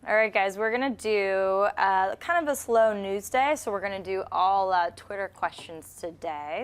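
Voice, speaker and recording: A woman's voice: mid-range voice, normal speed, few pauses, smooth. Chatty woman on a movie panel. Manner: chatty and enthusiastic. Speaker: senior movie news editor. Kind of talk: casual panel chat.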